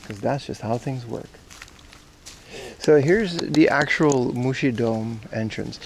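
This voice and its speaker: A man's voice: mid-range voice, lively intonation, a little slow, creaky, slight background noise. A man from Aruba joking and swearing as he chats to viewers on a casual outdoor livestream. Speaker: streamer. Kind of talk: casual IRL livestream chat. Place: outdoors at a zoo park.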